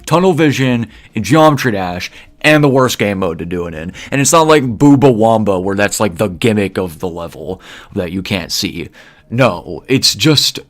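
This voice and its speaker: A man's voice: fairly low pitch, expressive, normal speed. A man giving casual, opinionated gaming commentary, rambling and peppering his talk with fillers. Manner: opinionated, rambling, heavy use of "like". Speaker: gaming video creator.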